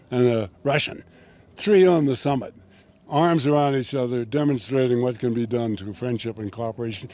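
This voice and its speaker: An older man telling a long story as an interview guest, rambling and animated, restarting his sentences often. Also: on the high side.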